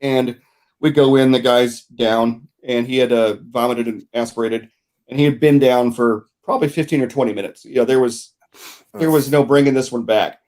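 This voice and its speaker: A man's voice: mid-range voice, normal speed, darkish tone. A man co-hosting a casual podcast, telling a story in a wry, frank way. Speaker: podcast co-host, nurse.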